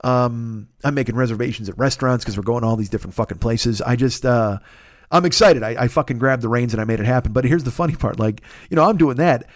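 A man in his fifties talks quickly and loosely through a solo podcast monologue, excitable and swearing freely. His voice sits at an ordinary pitch and is caught close on the mic with a dry, roomless sound. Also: no echo. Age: 50s. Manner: profane, rambling and excitable. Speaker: podcast host.

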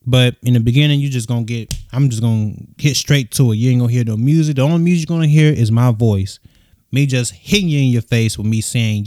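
Young male podcast host, soft low-key voice, smooth and dry, loose slangy ramble. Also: fast talker, no echo. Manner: rambling, slangy, swears freely, many fillers. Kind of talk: casual solo podcast. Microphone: USB microphone into a phone.

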